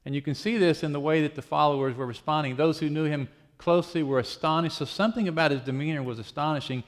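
A man's voice: fairly high pitch, fairly even intonation, quick pace. A man preaching a sermon, retelling a passage as a conversational story with frequent restarts. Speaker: pastor. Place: office.

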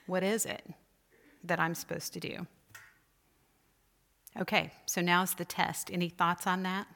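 A woman's voice: lowish voice, normal speed, a bit bright. A woman giving a conversational church lecture on spiritual disciplines, asking her listeners questions as she teaches. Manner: conversational, asks the group questions.

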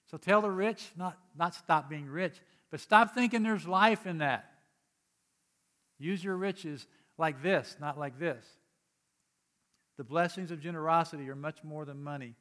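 A man delivers a sermon to his congregation in a fairly high voice. He talks in a conversational way, dropping quiet for explanation and rising for emphatic urging. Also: a little slow. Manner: conversational preaching, swings from soft to emphatic. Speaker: pastor.

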